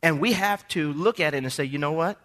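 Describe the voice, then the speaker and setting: Guy preaching in church, high bright voice, swoops from quiet to shouting, asks the crowd for amens. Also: fairly quick. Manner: fervent preaching with call-and-response, swinging from hushed to shouting. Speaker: pastor. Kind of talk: sermon. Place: church sanctuary during a service.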